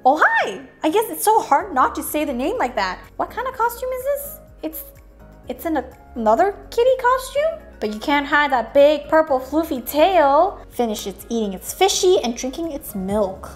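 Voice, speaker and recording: A woman's voice: high voice, big pitch swings, normal speed, music in the background. A woman hosting a playful toy-unboxing video, sing-song and silly, sometimes dropping to a whisper.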